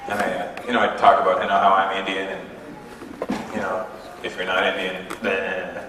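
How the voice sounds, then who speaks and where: A young man from Canada performing an animated stand-up set, acting out voices and characters. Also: low-pitched, normal speed. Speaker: stand-up comedian. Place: large indoor hall with audience. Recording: echoey hall, far from mic, noisy old tape.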